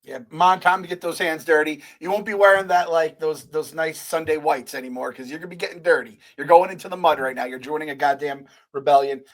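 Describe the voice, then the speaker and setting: Higher-voiced man joking on a podcast. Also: steady tone, a little fast, few pauses. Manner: emphatic, joking, profane. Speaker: podcast co-host. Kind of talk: casual podcast chat.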